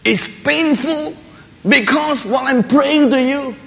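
Guy with a high voice giving a jokey sermon, laughs a lot, big echoey hall. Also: takes it slowly, gravelly, fairly bright tone. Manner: chuckles often, acts out little voices in his stories. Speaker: preacher. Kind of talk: humorous sermon. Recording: long reverb of a large hall.

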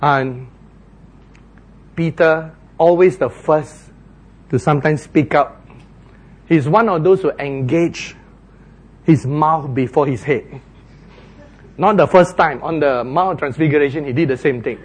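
A man preaching a sermon, retelling a story dramatically with shouted voices for its characters. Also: on the high side, a little slow, long pauses, husky.

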